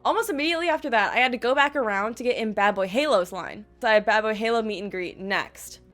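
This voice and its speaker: Bright, bubbly young woman vlogger. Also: on the high side, faint music behind. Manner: bubbly, quick, lots of "like" fillers and quoted voices. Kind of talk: casual storytime.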